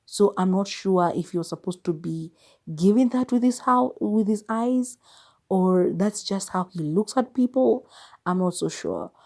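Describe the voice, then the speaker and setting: A woman's voice: mid-range voice, unhurried. A woman from South Africa hosting a podcast, chattily recapping a film and retelling its scenes in quoted dialogue. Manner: animated storytelling, retelling scenes with quoted lines. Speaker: podcast host reviewing a film.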